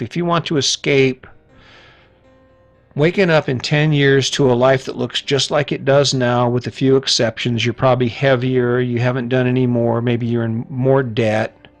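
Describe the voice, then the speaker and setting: Middle-aged male podcast host, blunt motivational talker, casual cursing, soft music bed. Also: mid-range voice. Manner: blunt, swears casually, asks rhetorical questions. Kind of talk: motivational monologue.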